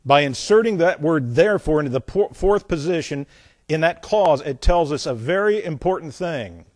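A man's voice: fairly high pitch, animated, moderate pace, dry recording. Emphatic preacher man, dry sound. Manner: emphatic, repeats phrases, swings from loud to quiet. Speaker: pastor. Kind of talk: expository Bible teaching.

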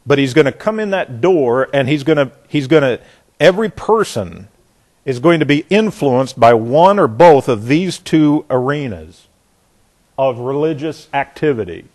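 A man's voice: mid-range voice, expressive, unhurried, darkish tone. A man teaching a bible class in a conversational way, trailing off and restarting his sentences with frequent asides.

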